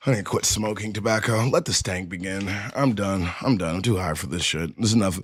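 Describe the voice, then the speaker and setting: A man's voice: sits low, fast, slightly rough, dry recording, clean studio sound. A man chatting casually as a streamer, crude and jokey, rambling and cursing a lot. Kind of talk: casual chat.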